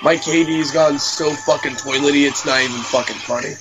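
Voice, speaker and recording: A man's voice: on the high side, steady tone, a little fast, rough recording. A young man hosting a casual gaming podcast, swearing and ranting with frustration as he plays. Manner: profane, ranting and frustrated, trash-talking. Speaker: podcast host. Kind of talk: casual gaming chat while playing. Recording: music playing behind the voice.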